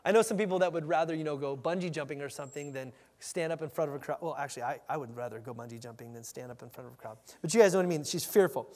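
A man with a high voice gives a sermon in a casual, conversational way. He acts out the scene with lively energy as he teaches. His voice carries a long reverb from a large hall. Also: rapid-fire, hardly any pauses. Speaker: pastor. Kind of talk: expository sermon.

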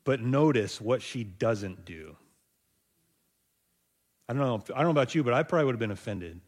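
A man's voice: medium pitch, expressive, fairly quick. A male pastor preaching a conversational sermon, thinking aloud with rhetorical asides to his listeners.

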